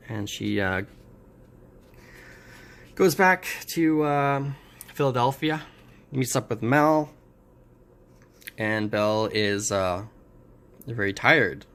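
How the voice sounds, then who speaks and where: A man talks through a comic book's plot at a middling pitch, in a loose, casual review. He stops and restarts often, filling gaps with hesitant sounds. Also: gravelly, a bit bright. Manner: halting, many fillers and restarts.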